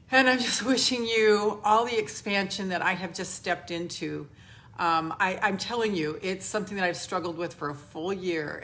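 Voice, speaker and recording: A woman's voice: lowish voice, fairly bright tone. A woman hosting a spiritual live stream from home, effusively greeting viewers by name and leading a guided grounding exercise. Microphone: camera she holds or adjusts.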